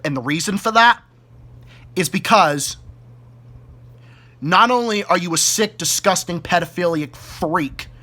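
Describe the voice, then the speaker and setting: Man, boston accent, angry profane rant, raised voice, tense and forceful, repeats his insults. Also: high voice, a little slow, pauses often. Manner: furious, profane, repetitive insults. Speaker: YouTube ranter. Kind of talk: angry direct-to-camera rant.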